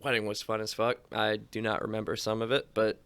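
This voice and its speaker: A man's voice: lowish voice, little pitch movement, a little fast, creaky, fairly bright tone, smooth. A man co-hosting a podcast in casual chat, laughing and swearing freely as he tells stories. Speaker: podcast co-host.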